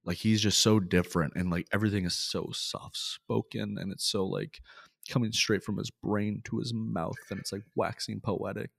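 A man's voice: lowish voice, fairly even intonation, normal speed, gravelly, no echo, clean studio sound. A man hosting a casual movie podcast, talking loosely with frequent laughs and swearing. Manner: loose, profane, laughs often. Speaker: podcast host.

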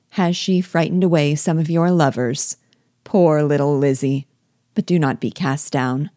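A woman's voice: sits low, dark tone, no echo. A woman reading the lines of a dry, teasing older father in an audiobook. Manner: wry, mocking.

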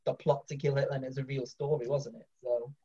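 A man hosting a podcast in casual chat, talking in a halting, hesitant way. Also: mid-range voice, little pitch movement, a crowd in the background. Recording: dull lo-fi recording.

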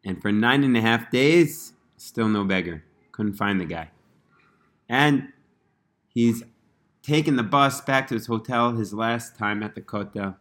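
A man telling a religious story in a casual, earnest way, rising in pitch when he quotes the people in it. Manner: earnest, animated when quoting characters.

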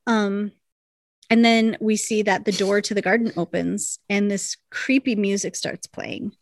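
Animated woman retelling a TV episode. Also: mid-range voice, unhurried, dry recording. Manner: animated retelling, quoting characters in voices. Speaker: podcast co-host recapping a TV episode. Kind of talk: casual chat. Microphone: desk microphone.

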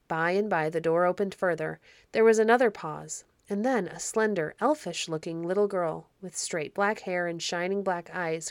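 A woman narrating an old storybook in a measured, expressive reading. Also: on the low side, no room sound. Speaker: audiobook narrator.

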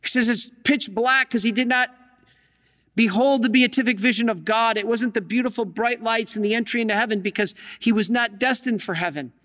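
High-voiced preaching priest, reverberant hall. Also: male voice, fairly quick, bright, forceful tone. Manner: emphatic storytelling with rhetorical questions. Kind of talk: sermon.

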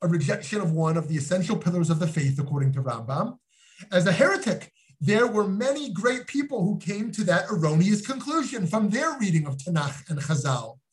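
Middle-aged rabbi guy teaching a class, kinda high voice, earnest, lots of restarts. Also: lively intonation, fairly quick. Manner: earnest, scholarly, with many restarts. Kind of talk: recorded lecture with personal anecdote.

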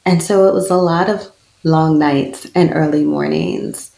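A woman in her thirties speaks low and earnest, her voice heavily gravelly with fry. The sound is roomy and echoey around her as she tells a personal story in an interview. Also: steady tone, a little slow. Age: 30s. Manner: earnest, personal, with soft laughs. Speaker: guest, spiritual speaker. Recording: echoey room.

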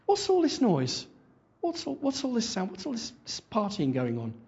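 A man's voice: mid-range voice, moderate pace, a little mellow, husky. A man preaching, voicing a resentful older brother in a parable. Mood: indignant. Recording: dull lo-fi sermon recording.

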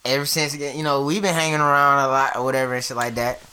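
A young man from Atlanta with a Southern accent, telling a story on a podcast in a loose, halting way full of fillers. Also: mid-range voice, level tone, bright, forceful tone, smooth. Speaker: podcast co-host. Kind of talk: casual chat.

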